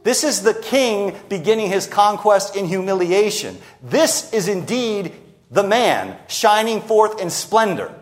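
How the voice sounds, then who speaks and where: A man preaching an expository sermon, slowing down and acting out quoted lines for emphasis. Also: sits high, lively intonation.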